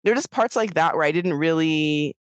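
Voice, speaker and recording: A woman co-hosting a podcast, chatting casually about a film, animated and laughing often as she acts out lines. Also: deep voice, fairly quick, clean tone, no echo, dull audio. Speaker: podcast co-host. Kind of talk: casual film review chat.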